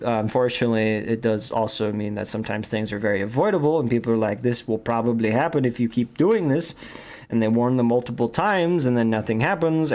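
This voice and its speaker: A man's voice: medium pitch, a little mellow. A young man streaming while he draws, rambling in goofy casual chat, full of restarts and jokes. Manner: goofy, jokey, repeats and restarts, says dude a lot.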